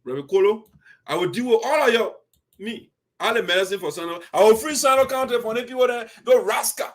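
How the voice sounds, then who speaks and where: This fast-talking host of a diaspora community show speaks Liberian English in a high-pitched male voice. His chatty commentary is lively, full of laughter and indignant asides.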